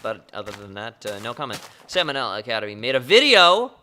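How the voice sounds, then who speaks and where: A man's voice: medium pitch, big pitch swings, fast, bright, forceful tone, a little hiss or hum. A man live streaming a game, chatting casually and joking offhand in reply to his chat.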